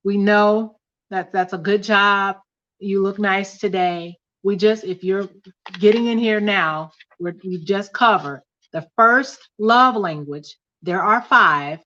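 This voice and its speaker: A woman's voice: medium pitch, slow pace, a bit bright, lo-fi sound. A woman hosting a casual livestream study, teaching and reading aloud from a book, often repeating key points. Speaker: host of a couples study livestream.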